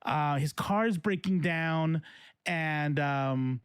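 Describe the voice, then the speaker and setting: A man's voice: on the high side, very slow, clear, resonant tone, no room sound. Rambling, profane man with a dry close sound. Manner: rambling, profane, many fillers and restarts. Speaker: host. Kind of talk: casual political commentary.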